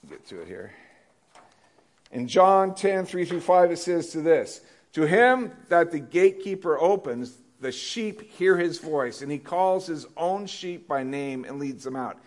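A man's voice: on the high side, expressive, unhurried. A male pastor preaching a conversational sermon, often repeating questions to the congregation.

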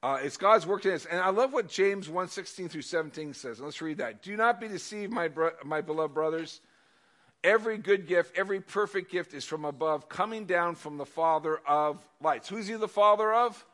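A man preaching a casual sermon, moving between loud emphasis and quiet asides, often repeating words as he goes. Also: high-pitched, moderate pace.

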